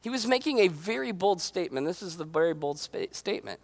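A man preaching a casual, joking sermon in an animated, conversational way. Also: high-pitched, fast, creaky, hardly any pauses. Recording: long hall reverb.

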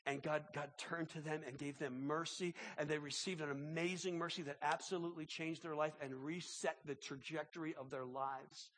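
A man preaching a sermon as pastor, impassioned and halting, often repeating words as he builds. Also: a little high, steady tone, fairly bright tone.

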